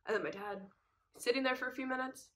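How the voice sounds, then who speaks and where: Young woman doing a storytime vlog, bright and lively, acting out all the back and forth. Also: high voice, fast. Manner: lively retelling that acts out the dialogue. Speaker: vlogger telling a personal story. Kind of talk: casual storytime chat.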